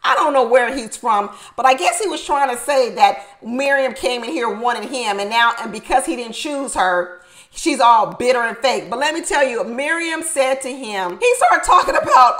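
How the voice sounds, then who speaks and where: High pitched lady doing a reality tv recap, super animated, laughs a lot, repeats herself for effect. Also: normal speed, poor audio. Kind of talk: casual reality show recap commentary.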